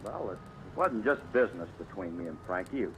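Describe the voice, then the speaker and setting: An actor playing a boastful, dim-witted bandleader with a folksy, self-pitying, ungrammatical way of talking, on an old radio comedy broadcast. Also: male voice, low voice, animated, fairly quick, a bit bright, a little hiss or hum, rough recording.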